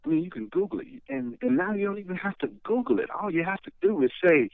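A man's voice: sits high, expressive, fast talker, creaky, smooth, no echo. Middle-aged man giving motivational answers over a phone line. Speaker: guest. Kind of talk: conversational interview.

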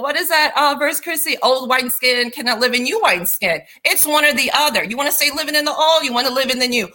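A woman speaks in an earnest, encouraging way, circling back on her points with repeated restarts. Her voice sits a little high and sounds bright and forward. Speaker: guest. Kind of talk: motivational casual chat.

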